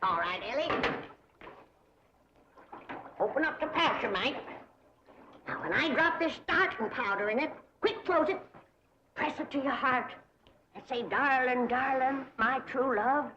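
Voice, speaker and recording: Feisty old hillbilly granny. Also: female voice, sits high, normal speed, bright, forceful tone. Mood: bossy. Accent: rural Southern American. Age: older. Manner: bossy, folksy, chanting spells. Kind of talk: 1960s sitcom acting. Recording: dull noisy 1960s TV soundtrack.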